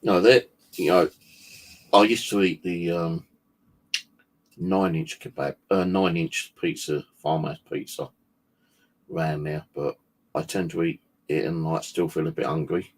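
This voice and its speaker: A man's voice: deep voice, fairly even intonation, unhurried, pauses often. A man casually rambling on a livestream, swearing freely and chatting loosely as the channel host.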